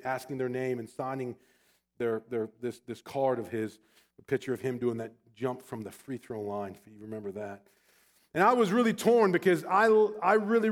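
Guy preaching in church, voice a bit on the high side, tells a story then gets fired up and slows way down for emphasis. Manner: storytelling with frequent restarts, rising to fervent slow emphasis. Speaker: pastor. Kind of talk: sermon with personal story.

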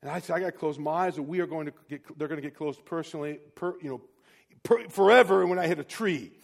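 A man preaching a sermon, telling a personal story with big swings between loud, emphatic peaks and quiet asides. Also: fairly high pitch, fast talker, creaky. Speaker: pastor.

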